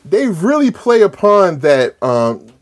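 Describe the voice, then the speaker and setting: A man co-hosting a casual film discussion, emphatic and quick to exclaim. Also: sits high, very animated. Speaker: podcast co-host.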